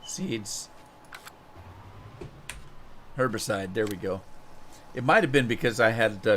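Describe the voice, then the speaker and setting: A man streaming a farming game spins a rambling story, chuckling and repeating words, then turns to greet viewers in chat. His medium-pitched, fairly bright voice is animated but slow, with frequent pauses, over slight background noise.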